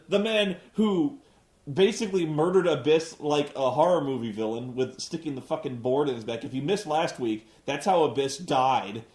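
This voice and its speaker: A man's voice: mid-range voice, darkish tone, roomy sound. A man hosting a casual, profane wrestling recap, rambling and cursing as he goes. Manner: rambling, swears a lot, restarts often. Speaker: host reviewing a wrestling show.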